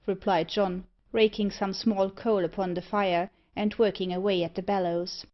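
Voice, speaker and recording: A woman reads a gothic novel aloud in a measured, expressive way, her voice sitting at a middle pitch. The recording is somewhat dull and lo-fi. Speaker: audiobook narrator. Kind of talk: scripted narration. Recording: dull lo-fi audio.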